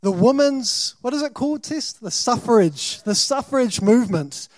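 A man's voice: very high voice, lively intonation, a little slow, no room sound. A man with a New Zealand accent preaching a sermon, questioning and dramatic, rising to emphatic bursts.

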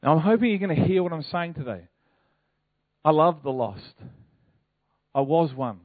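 A male pastor preaching a sermon in a lively, conversational way, full of rhetorical questions. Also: on the high side, normal speed, dry recording. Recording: tinny phone-like, dry sound.

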